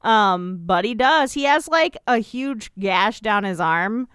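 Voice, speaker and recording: A woman's voice: mid-range voice, lively intonation, slow pace, fairly bright tone, clear, resonant tone, no echo, studio quality. A woman co-hosting a casual podcast chat, peppering her talk with "like" and acting out characters' lines as she recaps an episode. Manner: fills speech with "like", acts out characters' lines. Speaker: podcast co-host.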